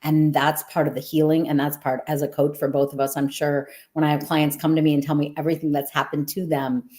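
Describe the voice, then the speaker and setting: A woman's voice: low voice, little pitch movement, a little fast, a little mellow. A woman who hosts a podcast and works as a coach, talking in an earnest, affirming and reflective way. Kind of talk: casual podcast conversation.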